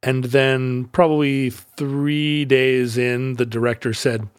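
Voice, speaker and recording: A man's voice: mid-range voice, level tone, slow, clear, resonant tone, no echo, clean studio sound. A man co-hosting a podcast in casual, jokey chat, laughing often. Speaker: podcast co-host.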